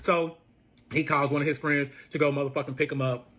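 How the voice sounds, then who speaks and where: Fast, bright-voiced man telling a story. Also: fairly high pitch. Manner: animated, profane, acts out quoted dialogue. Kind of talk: casual storytelling.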